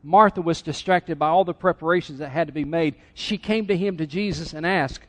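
A man's voice: fairly high pitch, a little fast, hardly any pauses. A middle-aged male pastor preaching a sermon in a church, conversational and teasing the congregation. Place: church sanctuary.

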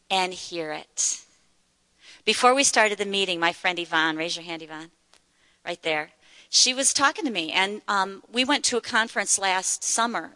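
A woman's voice: medium pitch, sharp tone, no echo, in a large hall. A woman giving an earnest sermon-style Bible teaching at a church meeting, repeating words for emphasis.

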